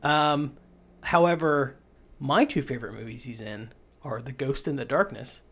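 A mid-pitched host who runs through film lists with rambling enthusiasm and casual swearing. The delivery is loose, chatty podcast talk. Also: moderate pace, a bit bright, slightly rough. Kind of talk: casual movie podcast chat.

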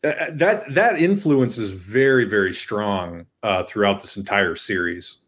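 A man co-hosting a podcast, chatting casually and enthusiastically about comic art, breaking into excited exclamations. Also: on the low side, unhurried. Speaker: podcast co-host.

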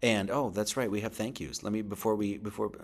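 A man's voice: lowish voice, steady tone, fairly quick. A man hosting an online religious service, giving informal closing thanks and announcements in a loose, rambling way.

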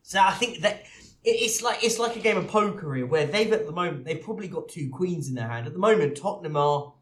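A man co-hosting a casual football podcast, talking in halting restarts and homespun analogies. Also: on the high side, animated, a bit bright. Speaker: podcast co-host. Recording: roomy echo.

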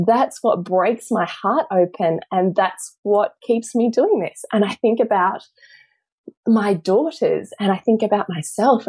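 A woman's voice: mid-range voice, breathy edge, no room sound. A woman, a mother of three, sharing personal stories earnestly and emotionally as a podcast guest. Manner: earnest and emotional, with soft laughs. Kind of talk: heartfelt personal storytelling.

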